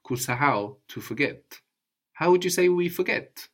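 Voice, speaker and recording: A man's voice: a little high, animated, moderate pace, fairly bright tone, breathy edge. A man teaching a one-on-one language lesson, patiently drilling with prompts and tag questions.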